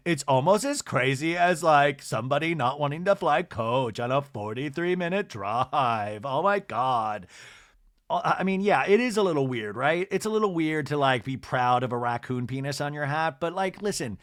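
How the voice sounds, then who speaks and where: A man's voice: a little high, lively intonation, normal speed, a bit bright, no room sound, studio quality. A man hosting a comedy podcast, recapping a reality show in a gossipy, dramatic way and mimicking the people in it. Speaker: podcast host.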